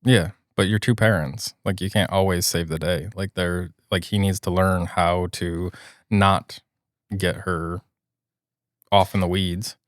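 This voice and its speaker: A man with a fairly low voice reads a post aloud at an even pace, then talks it over in relaxed, casual chat. The recording is dry and close to the mic. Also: measured pace, no echo. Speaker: podcast co-host reading stories.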